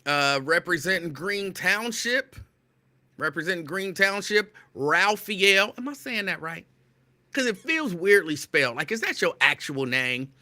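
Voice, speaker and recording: Excitable bright-voiced male show host. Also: high voice, a little slow. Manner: animated, excitable, loud at times; playful, teasing. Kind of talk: casual live-show chat greeting listeners.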